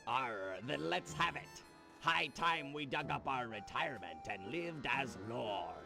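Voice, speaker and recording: A man's voice: medium pitch, expressive, unhurried, gravelly. An actor playing a cantankerous, greedy male pirate in a video game, growling in pirate slang and blunt insults. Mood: gruff. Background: game music.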